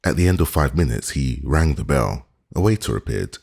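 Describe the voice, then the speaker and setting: A man narrating a classic novel as an audiobook reader, in measured, expressive storytelling. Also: very deep voice, gravelly, husky.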